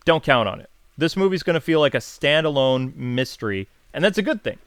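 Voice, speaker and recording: Smooth-voiced chatty man. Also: a little high, fairly bright tone, no room sound. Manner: chatty and enthusiastic, with frequent fillers and self-corrections. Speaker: YouTube host. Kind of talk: casual commentary answering viewer chat questions.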